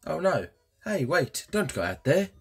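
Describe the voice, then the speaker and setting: A man voicing a creepy middle-aged male professor in a video game playthrough, with a drawn-out delivery. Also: fairly high pitch, big pitch swings, creaky, breathy edge, faint music behind, voice pushed up, heavily acted.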